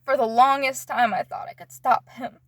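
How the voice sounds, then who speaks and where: Young woman, kinda high voice, earnest and halting, telling her own story, dry close sound. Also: steady tone, dry recording. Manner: earnest, halting, searching for words. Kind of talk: personal confessional storytelling.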